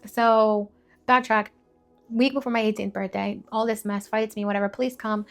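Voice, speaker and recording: A woman's voice: medium pitch, little pitch movement, gravelly, soft background music. Candid young woman telling her story. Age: 20s. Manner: frank, emotional storytelling with quick asides and repeated phrases. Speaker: vlogger sharing a testimony. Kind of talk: candid personal testimony vlog.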